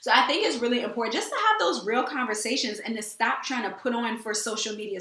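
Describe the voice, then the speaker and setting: A woman sharing her faith in a relaxed testimony style, earnest and emphatic, driving her points home by repeating them. Her voice sits a little high, and the room around her rings with echo. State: teary. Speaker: host. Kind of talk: faith talk, casual testimony. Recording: echoey room.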